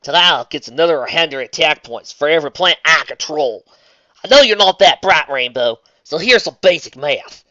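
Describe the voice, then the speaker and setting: A reader voicing a brash young Southern cowgirl card duelist in a put-on Southern drawl, loud and showy. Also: mid-range voice, expressive, moderate pace, dry recording, highs cut off, pitched above the performer's own voice. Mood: mocking. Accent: put-on American Southern.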